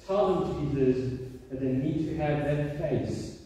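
A man's voice: a little high, slow, mellow, a little hiss or hum. A man voicing Jesus as a loving teacher who earnestly urges his disciple on. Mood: urging. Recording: echoey hall, mic far off.

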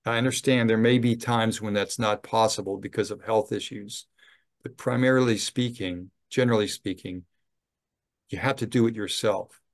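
A middle-aged man, a chaplain, giving a slow, gentle training talk on ministry, with some fillers. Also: lowish voice, steady tone.

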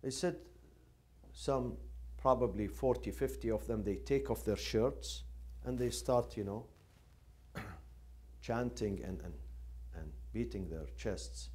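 A man's voice: mid-range voice, dark tone. A man giving an impassioned religious lecture, repeating phrases for emphasis. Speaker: lecturer on Quranic studies.

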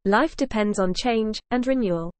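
A woman reading the lines of a calm, matter-of-fact alien time traveller in a plain voice. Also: medium pitch, moderate pace, dry recording, lightly acted.

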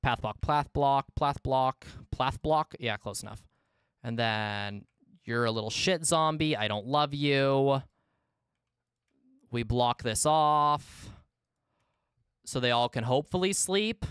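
A male streamer talking through his gameplay in casual live commentary, with a smooth, resonant voice at a middle pitch. He mutters to himself and to chat, then jumps into loud exasperated yelps. The sound is dry and close, with no room echo. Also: takes it slowly. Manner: talks to himself and chat, exasperated outbursts, swings between loud yelps and mumbling.

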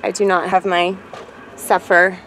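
Low-pitched woman, middle-aged, rambling vlog, faint traffic noise. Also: little pitch movement, a little slow. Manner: rambling, laughs at own stumbles, swings from loud to quiet. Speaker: vlogger. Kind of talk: casual monologue to viewers.

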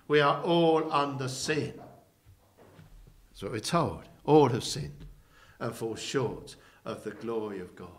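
Male pastor, sermon delivery, emphatic and earnest; bright, forceful tone. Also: fairly high pitch. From England. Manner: earnest, emphatic preaching with rising stresses.

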